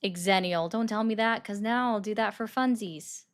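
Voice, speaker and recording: A woman's voice: medium pitch, moderate pace. A woman hosting a live call-in stream from her bedroom, chatting casually about the news and answering viewer comments. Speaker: livestream host taking calls. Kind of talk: casual political commentary chat. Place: bedroom at home. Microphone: desk microphone.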